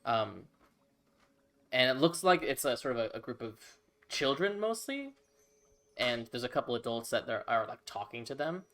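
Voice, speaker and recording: A man's voice: mid-range voice, very animated, normal speed, pauses often, fairly bright tone. A man narrating a tabletop game as game master, casual and rambling.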